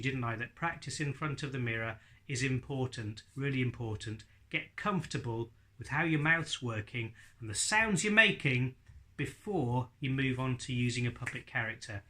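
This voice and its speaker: A man's voice: mid-range voice, expressive, normal speed, bright, forceful tone. A man teaching ventriloquism in a casual video lesson, chatty and laughing often as he demonstrates sounds.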